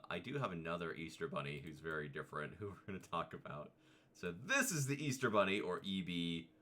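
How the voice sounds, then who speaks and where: A man's voice: low voice, bright, forceful tone. A man hosting a casual tier-list video, rambling and chatty with playful asides. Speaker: vtuber host.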